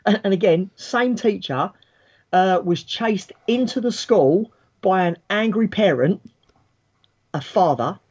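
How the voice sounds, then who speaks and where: A man in his forties telling a school story in casual chat, animated and swearing freely, acting out the people he quotes. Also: sits high, slow pace, slightly rough, muffled recording.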